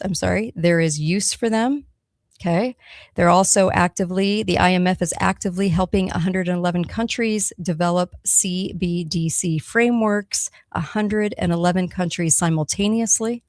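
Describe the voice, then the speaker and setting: A woman's voice: on the low side, no room sound, studio quality. A woman hosting a radio talk show, speaking emphatically and checking in with her listeners as she goes. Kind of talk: solo talk radio monologue.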